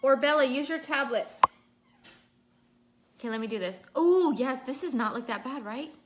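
A woman's voice: sits high, lively intonation, moderate pace, noisy background. A woman hosting a casual livestream makeup tutorial at home, chatting and reading out viewers' names while she works. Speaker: makeup vlogger.

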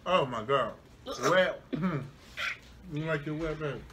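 A man's voice: on the high side, measured pace. A young man on a food challenge vlog, teasing and cheering on his partner in casual banter. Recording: home video with clear background noise.

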